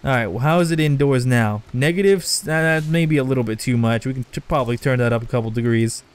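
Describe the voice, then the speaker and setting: A man's voice: medium pitch, fast, clean tone. A young man giving casual commentary while playing a game, swearing and exasperated when things go wrong. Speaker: let's play host.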